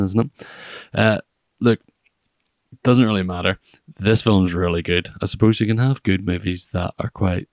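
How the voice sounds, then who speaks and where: A man's voice: sits low, gravelly, darkish tone, no echo, clean studio sound. A man giving a rambling, chatty recap of a film, full of fillers and restarts, with wry asides. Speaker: film reviewer.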